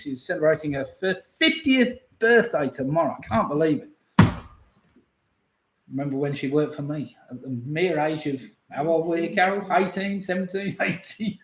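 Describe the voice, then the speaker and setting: Chatty man hosting a pub quiz. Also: a little high. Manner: chatty, jokey asides while reading answers.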